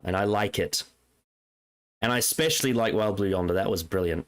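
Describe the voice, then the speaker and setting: A man's voice: deep voice, a little fast. A man co-hosting a casual podcast chat. He is hesitant and restarts often when giving his opinions. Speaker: podcast co-host.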